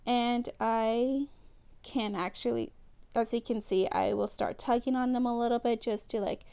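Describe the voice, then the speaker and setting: A woman's voice: fairly high pitch, creaky, warm tone, clean tone. A young woman chatting casually and giggling as she talks through a hair tutorial, teasing herself when she slips up. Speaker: beauty vlogger.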